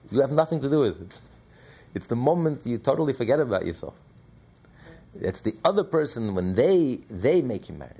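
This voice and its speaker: Male rabbi leading a class, fry in the voice, animated teacher who drives each point home. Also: mid-range voice. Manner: animated, asks and answers his own questions. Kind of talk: Torah class lecture.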